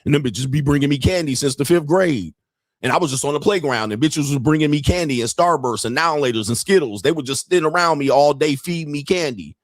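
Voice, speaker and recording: A man's voice: a little high, animated, fast, dry recording, studio quality. A man in his fifties, a show host doing a profane, mocking comedic rant and laughing at his own jokes. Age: 50s. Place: home studio.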